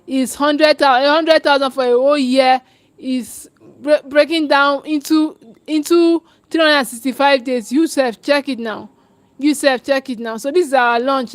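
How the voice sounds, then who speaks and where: A woman parenting coach making an urgent live webinar pitch, her voice set high. She repeats and restarts phrases as she presses her listeners to sign up. The sound is dry and close, with no room around it. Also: dry recording.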